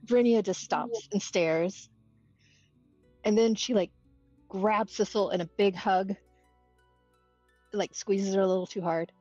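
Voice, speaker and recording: A woman's voice: mid-range voice, fairly even intonation, takes it slowly, pauses often, darkish tone, no echo, soft background music. A woman playing a tabletop game, casually describing her character's actions. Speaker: player. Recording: dull lo-fi mic.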